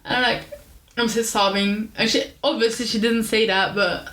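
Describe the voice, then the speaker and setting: A young woman podcast host casually telling a story in an animated, chatty, self-deprecating way. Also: a little high, normal speed, reverberant.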